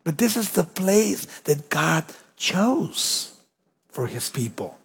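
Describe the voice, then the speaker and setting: Male preacher with a high, husky voice, emphatic peaks falling to near-whispers, long church reverb. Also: very animated, slow. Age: young adult. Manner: dramatic swings between loud emphatic lines and low hushed endings. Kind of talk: sermon.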